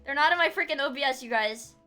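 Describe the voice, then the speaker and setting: A woman streamer chatting casually with her viewers, laughing often and breaking into sudden shouts. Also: high-pitched, quick pace, faint music behind. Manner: animated, laughing, bursts into shouting. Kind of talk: casual chat.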